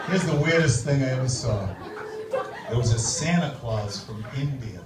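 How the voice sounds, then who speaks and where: Brash, profane comedian on stage. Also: male voice, mid-range voice, expressive, moderate pace, heavy background noise. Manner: brash and profane, swinging between muttering and shouting. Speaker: stand-up comedian. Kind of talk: live stand-up comedy. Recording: distant echoey club recording with loud crowd.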